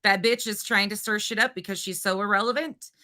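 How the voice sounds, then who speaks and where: This livestream host, a woman with a mid-range voice, launches into a heated, profane rant against a rival, taunting her throughout. She talks a little fast in a steady yet sharp tone.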